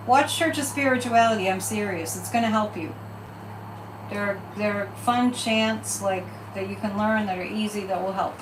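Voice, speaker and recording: Her fairly high voice is captured from a distance as she hosts a livestreamed psychic reading. She talks casually but with animated emphasis, repeating herself often, and the echoey room carries faint background noise.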